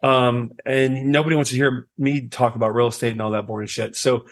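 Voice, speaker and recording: A man of middle pitch hosts a casual podcast among friends. His talk is laid-back and loose, full of swearing and easy laughter. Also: little pitch movement, fairly quick. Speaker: podcast host. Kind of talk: casual chat.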